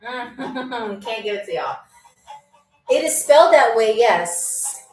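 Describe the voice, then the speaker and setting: A woman's voice: fairly high pitch, lively intonation, takes it slowly. A woman hosting a live-stream quiz game. She reads out viewer comments in a playful, teasing way, often holds back laughter, and welcomes viewers as if she were a flight attendant. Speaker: game show host. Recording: roomy, distant mic with faint music.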